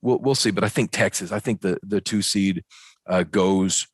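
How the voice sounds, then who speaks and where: A man from Arkansas co-hosting a podcast, breaking down college baseball in a folksy, animated way with plenty of fillers and jokes. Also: deep voice, normal speed, breathy edge, no room sound. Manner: folksy, animated, joking analysis with many fillers. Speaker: podcast co-host. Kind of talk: casual sports talk. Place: ballpark.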